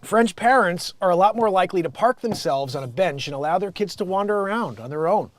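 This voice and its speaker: An American man with a high voice, recorded dry, hosts a show of improvised comedic news commentary. He reads headlines and riffs on them sarcastically, swearing and laughing often.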